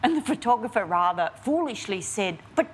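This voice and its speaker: Woman, fifties, journalist being interviewed, frank and lively, low pitch, faint room hum. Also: measured pace. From Australia. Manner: frank and animated, with frequent restarts and fillers. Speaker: investigative journalist, guest. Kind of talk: candid conversational interview answers.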